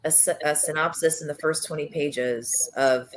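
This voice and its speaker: A woman hosting a casual live chat as a press founder, her voice husky and worn from travel, chatty and relaxed with many fillers. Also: low-pitched, normal speed, rough recording. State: low husky voice from travel fatigue. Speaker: founder and executive editor of a press, host.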